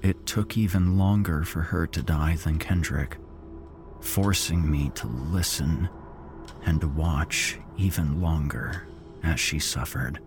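Male horror narrator, deep and unhurried, grim and dramatic. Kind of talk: first-person horror story narration.

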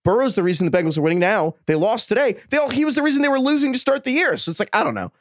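A man co-hosting a podcast, chatting casually and rambling with quick asides. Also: sits high, big pitch swings, dry recording, studio quality. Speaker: podcast co-host. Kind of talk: casual sports chat.

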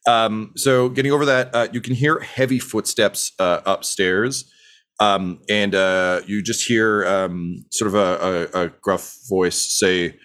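A man's voice: on the low side, fairly even intonation, slow, fairly bright tone. A man narrating a tabletop game as game master, loose and rambling with lots of fillers.

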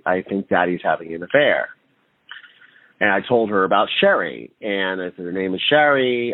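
A man recounting his childhood in a candid, halting way, with nervous laughs. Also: low voice, dry recording. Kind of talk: personal testimony. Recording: tinny phone-like line with faint music.

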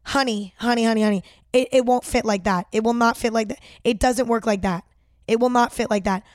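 A woman's voice: fairly high pitch, steady tone, a little fast, no room sound, studio quality, close to an everyday voice. A woman imitating a rude woman flight attendant who repeats herself curtly. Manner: curt and repetitive.

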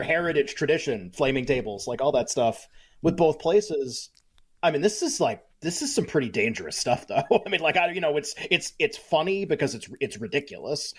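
A man co-hosting a sports talk show, riffing in an animated, incredulous way and often restarting his sentences. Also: fairly high pitch, normal speed, breathy edge. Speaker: sports radio co-host.

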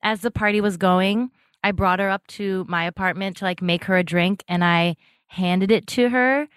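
A woman's voice: mid-range voice, moderate pace, clear, resonant tone, no room sound. Dry-sounding woman guest, self-deprecating. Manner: self-deprecating, laughs between phrases. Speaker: podcast guest. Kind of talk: casual chat.

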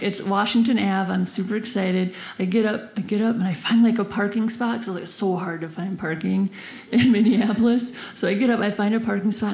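A young woman telling a stand-up story on a club stage, giggling often, saying "like" a lot and putting on squeaky voices. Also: creaky. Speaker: stand-up comedian. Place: comedy club stage before a laughing audience. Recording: roomy live club sound with audience.

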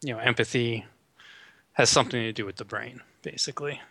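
A man's voice: medium pitch, steady tone, brisk, creaky, bright, forceful tone, no room sound, studio quality. A male neuroscientist explaining ideas as a guest in a casual interview, with many "you know" fillers.

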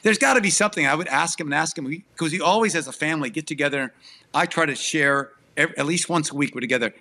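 A man's voice: a little high, quick pace, bright, forceful tone. A middle-aged man sharing a personal testimony as an interview guest, earnest and emphatic, his voice tearful and breaking with emotion.

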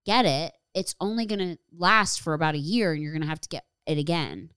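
A woman's voice: low voice, lively intonation, a little fast, a bit bright, smooth, no room sound, studio quality. A woman hosting a podcast in casual chat, talking freely and swearing as she acts out stories. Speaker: podcast host.

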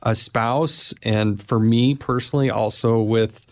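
A middle-aged man hosting a podcast interview, speaking in a measured, sincere way. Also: medium pitch, steady tone. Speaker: podcast host. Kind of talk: conversational interview.

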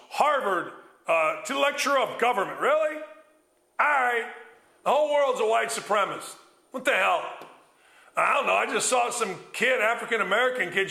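A man's voice: high-pitched, pushed and bright, reverberant. Blunt, ranting sports talk host man. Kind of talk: fired-up sports radio rant.

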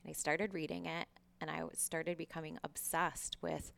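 Low gravelly-voiced woman telling her story. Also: level tone, moderate pace, a bit bright. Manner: candid, swears freely, acts out past conversations. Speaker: podcast guest. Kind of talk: casual interview storytelling.

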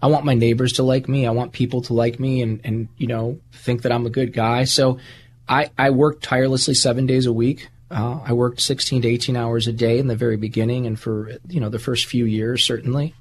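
A man's voice: medium pitch, level tone, fairly quick, slight background noise. A man interviewed as a guest, telling his life story in an earnest, rambling way and often repeating words. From United States. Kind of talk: candid conversational storytelling.

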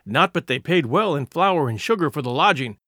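Male audiobook narrator, measured and expressive, slightly higher voice. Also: no room sound, studio quality.

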